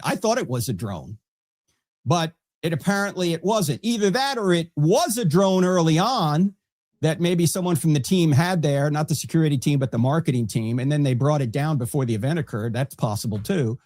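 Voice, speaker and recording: A man in a played clip, explaining things in a measured way and reasoning through the details. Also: fairly high pitch, animated, a little mellow. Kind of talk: explanatory talk.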